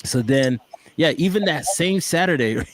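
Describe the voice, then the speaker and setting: A man co-hosting a podcast, telling a story in relaxed, rambling casual chat. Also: on the high side, normal speed, noisy background. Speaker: podcast co-host.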